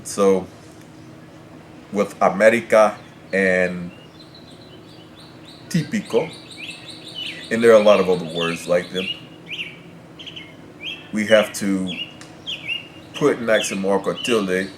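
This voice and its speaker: Deep-voiced man teaching slowly. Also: steady tone, background noise. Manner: slow, patient, spells words letter by letter. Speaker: Spanish teacher. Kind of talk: explaining pronunciation rules.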